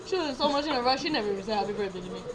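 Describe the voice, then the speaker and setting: A woman's voice: a little high, expressive, very fast, a loud crowd. A young woman chatting on a webcam at her own home, giggly and teasing. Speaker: vlogger, host of the house. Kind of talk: casual webcam chat.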